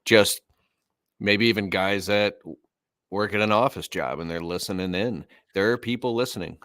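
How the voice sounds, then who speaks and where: Low-voiced male podcast host, casual, enthusiastic, dry close mic. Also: moderate pace, a bit bright, no room sound. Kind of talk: casual interview chat.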